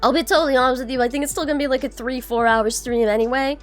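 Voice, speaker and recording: A woman's voice: high-pitched, steady tone, very fast, soft background music. A young adult woman streaming, chatting casually and greeting her viewers by name, bubbly and swearing now and then.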